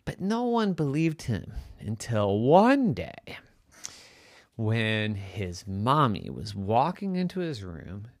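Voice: medium pitch, huge pitch swings, slow pace, no room sound, clean studio sound. A storyteller telling a playful, improvised bedtime story.

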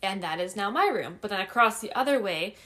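A woman's voice: medium pitch, a little fast. Swearing young woman telling a ghost story. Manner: animated, swears constantly, laughs often. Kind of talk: casual chat.

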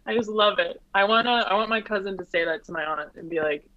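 A young woman in her twenties chatting casually as a comedian guest, full of fillers and quick laughs. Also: mid-range voice, pushed and bright, no echo. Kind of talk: casual chat. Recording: dull lo-fi, dry.

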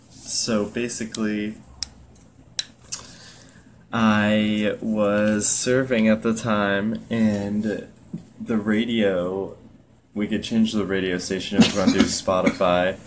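A man's voice: on the low side, little pitch movement, slow, a little hiss or hum. A man co-hosting a podcast, telling a work story in a laid-back casual chat with lots of fillers. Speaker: podcast co-host.

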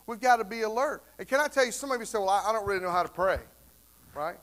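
A man preaching a sermon in a conversational way, often checking in with "right?" and rising to loud, fervent bursts. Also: sits high, expressive, fast talker. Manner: repeats "right?" to the congregation. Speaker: pastor.

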